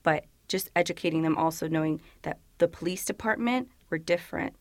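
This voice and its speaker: With a low voice and a brisk pace, recorded without echo, a female police officer from the US whose parents come from El Salvador chats openly in an interview. Fillers such as "you know" come often, and she acts out the quotes she relays.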